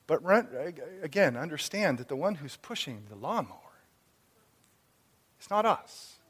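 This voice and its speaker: A man in his thirties or forties preaching a sermon as a pastor, conversational and animated. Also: a little high, unhurried, husky. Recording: long reverb of a hall.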